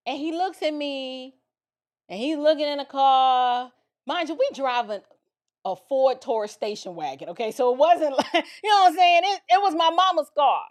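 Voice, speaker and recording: New woman, casual storyteller, high and very expressive voice, lots of asides to the audience. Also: moderate pace. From the Bronx, New York. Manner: animated, dramatic retelling with lots of asides to the listener. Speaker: commentator telling a personal story.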